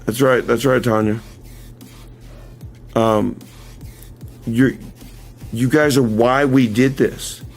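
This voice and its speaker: This male livestream host takes his time, pausing often, with a steady, medium-pitched voice over soft background music. Through his camera mic he rambles through a story, correcting himself and chuckling frequently, and then turns sincere, speaking straight to his viewers.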